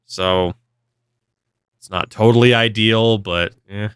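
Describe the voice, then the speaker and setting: A man's voice: fairly low pitch, steady tone, slow, fairly bright tone, clean tone, no echo, clean studio sound. A young man giving rambling, offhand commentary on a hockey video game, swearing now and then. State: yawning, with hiccups. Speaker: gaming video creator. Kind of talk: casual commentary over gameplay.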